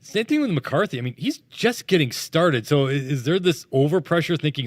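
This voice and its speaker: A man from Minnesota co-hosting a sports talk show, giving opinions in an animated way with frequent restarts. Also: a little high, normal speed, no room sound. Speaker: co-host.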